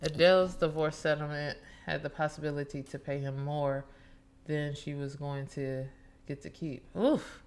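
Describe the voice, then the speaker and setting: Laughing woman with a lowish voice. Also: steady tone, moderate pace, a little mellow, clean tone. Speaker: podcast co-host. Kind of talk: casual chat.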